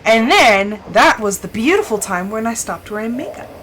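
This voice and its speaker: A young woman chats casually to her stream while she plays, spinning anecdotes and laughing often. Her voice sits a little high, and a clear layer of background noise runs under it. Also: animated, moderate pace, a bit bright. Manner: chatty storytelling, laughs often. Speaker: live streamer. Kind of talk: casual chat while gaming.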